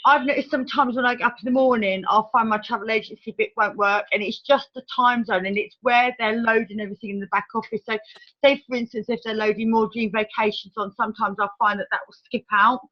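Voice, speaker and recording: A woman hosting a team training over a video call, talking in a brisk, chatty, organizing way. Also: fairly high pitch, steady tone. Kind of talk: casual online meeting talk. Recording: dull video-call audio.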